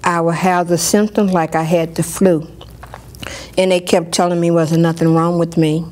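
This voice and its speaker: Woman, lower register, warm storytelling in an interview, quotes people vividly. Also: moderate pace. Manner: lively storytelling, acting out others' words. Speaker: storyteller sharing her life. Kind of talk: personal story told in an interview.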